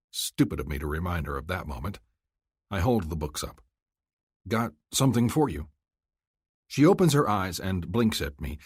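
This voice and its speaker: Husky, lively male audiobook narrator. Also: low-pitched, dry recording, studio quality. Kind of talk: first-person romance audiobook narration.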